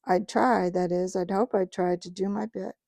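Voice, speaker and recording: A humble, plain-spoken London cabbie in his rough Cockney dialect, dropping his grammar as he answers, as a woman reading a storybook puts him on. The voice is gravelly and dark, recorded close and dry. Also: mid-range voice, fairly even intonation, moderate pace, dry recording, natural voice. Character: humble working-class London cab driver man.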